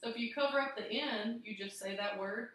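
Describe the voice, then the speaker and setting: A young woman teaching a phonics lesson to small children, slowly sounding out each word. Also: fairly high pitch, a bit bright. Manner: slow, clear sounding-out of words. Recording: very echoey room.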